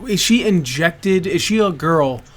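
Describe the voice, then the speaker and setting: A man's voice: high voice, lively intonation, a little slow. A man co-hosting a casual podcast, asking questions and joking loosely. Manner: asks questions, jokey, loose. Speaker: podcast co-host. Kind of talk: casual movie review chat.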